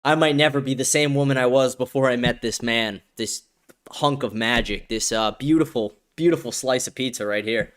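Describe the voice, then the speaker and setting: A man's voice: mid-range voice, moderate pace, a bit bright, lightly acted. A man mimicking a swooning, smitten young woman. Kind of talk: mocking impression in a livestream.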